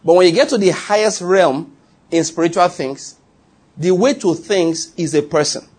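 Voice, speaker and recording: High-voiced man preaching a sermon. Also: normal speed, darkish tone, breathy edge. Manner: teaching, reads scripture aloud with emphatic repetition.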